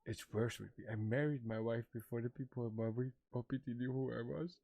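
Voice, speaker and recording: A man's voice: medium pitch, fairly quick, gravelly, no echo. A man playing Mato, a playful married tribesman in a western roleplay, telling stories in broken English and acting out the voices of others. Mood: storytelling. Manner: broken English, animated retelling with quoted voices. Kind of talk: in-character roleplay chat.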